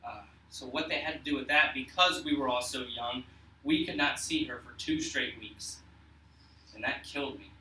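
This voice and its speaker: A young man telling a personal story to an audience, earnest and emotional, with halting restarts. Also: fairly high pitch, pushed and bright, reverberant, distant mic, slight background noise, poor audio.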